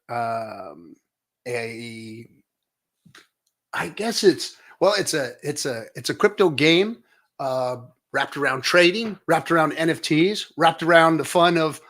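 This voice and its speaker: A man's voice: on the high side, a bit bright. Rambling, hyped male stream host. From United States. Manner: rambling, with many fillers and restarts; jokey and hyped. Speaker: show host. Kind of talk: casual live-stream chat.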